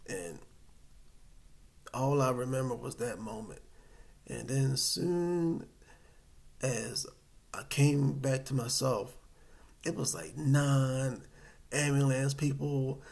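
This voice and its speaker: A man telling a personal story to camera in a casual, animated, rambling way. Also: mid-range voice, gravelly. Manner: animated, colloquial, rambling with restarts.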